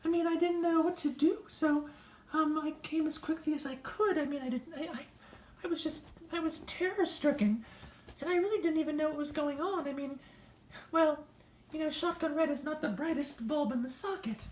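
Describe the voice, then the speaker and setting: A woman playing a fussy, worried sister who talks in a dramatic, gossipy, halting way. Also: high voice, a little mellow, a little hiss or hum, close to an everyday voice. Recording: echoey room.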